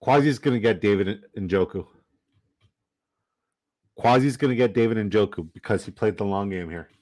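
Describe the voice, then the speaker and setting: A man's voice: fairly low pitch, moderate pace, darkish tone. A man chatting casually and profanely on a live stream while drafting fantasy football, joking and laughing as he trash-talks the other players.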